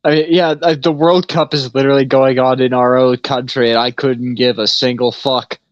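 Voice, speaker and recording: Male co-host, relaxed swearing storyteller; slightly lo-fi, dry sound. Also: medium pitch, normal speed, no room sound. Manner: laid-back storyteller, swears freely, laughs often. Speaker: podcast co-host. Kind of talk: casual chat.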